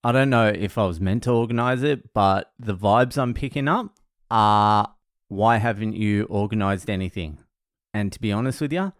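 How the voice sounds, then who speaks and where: A man's voice: lowish voice, dry recording, clean studio sound. A man swearing through a rambling story. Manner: profane, rambling anecdotes with heavy swearing. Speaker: stand-up comedian. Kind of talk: casual vlog storytelling. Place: home in Australia.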